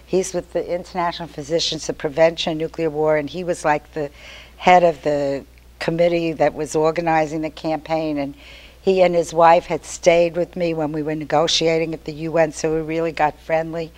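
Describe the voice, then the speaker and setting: An older woman tells her story in a lowish, conversational voice. She talks casually to an activist meeting and slips into lively quotes as she goes. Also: moderate pace. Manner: chatty, storytelling, animated quotes. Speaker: activist speaker. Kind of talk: informal talk at a meeting.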